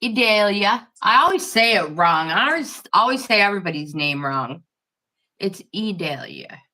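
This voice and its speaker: A woman's voice: medium pitch, expressive, normal speed, pushed and bright. An older woman and grandmother hosting a casual live-stream chat, telling stories and laughing often. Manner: chatty storyteller, laughs often. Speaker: host.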